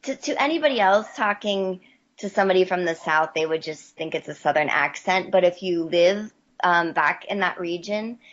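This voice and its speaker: A low-pitched woman from West Virginia speaks in a relaxed interview, stumbling and repeating words as she collects her thoughts. The audio sounds dull and lo-fi. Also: normal speed, slight background noise. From West Virginia, USA. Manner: hesitant, repeats words while thinking, laughs easily. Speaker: interview guest, athlete. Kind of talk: casual interview answers.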